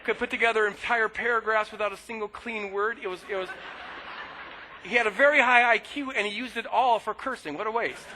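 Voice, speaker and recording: A middle-aged male pastor preaching a sermon, telling a personal story in an animated way and shouting at times to act out anger. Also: high voice, a little fast, a little hiss or hum, low-quality recording. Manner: animated storytelling, bursts of loud shouting when acting out anger.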